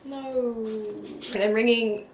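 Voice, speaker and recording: A young woman with a fairly high voice chats casually in her bedroom, recorded on the camera's own mic. She is bubbly and giggly, often stumbling over words and laughing at her own slips. Her tone stays light and self-deprecating throughout. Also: fairly even intonation, slow pace, background noise. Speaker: book vlogger. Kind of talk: casual vlog chat.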